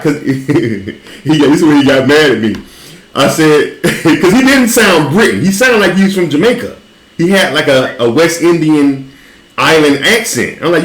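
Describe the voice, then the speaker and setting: A man with a Southern accent hosting a casual chat, telling an animated, profane story and laughing often. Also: a little high, normal speed. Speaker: podcast host. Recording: roomy echo.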